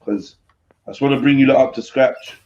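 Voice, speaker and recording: A young man hosting a live stream panel, loud and teasing as he banters and laughs. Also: mid-range voice, fairly even intonation, brisk, slight background noise. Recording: muffled streaming audio.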